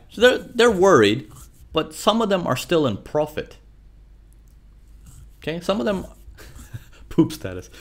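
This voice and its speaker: A man teaching trading over charts, talking animatedly, checking in often with "okay" and "right". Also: medium pitch. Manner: animated, frequent "okay" and "right", acts out traders' thoughts. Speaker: trading instructor. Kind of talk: live chart lesson.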